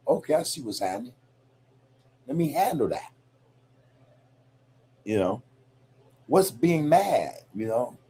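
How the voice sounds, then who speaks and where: Husky and mid-range with a darkish tone, this man rambles through a casual podcast monologue. He's reflective and loose, swears freely and keeps dropping "you know, man."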